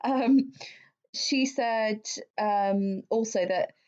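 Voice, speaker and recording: On a dull lo-fi recording, a woman co-hosting a podcast recounts a true-crime case extremely slowly. Her voice is on the high side with a darkish tone, and she's chatty, profane, and full of fillers.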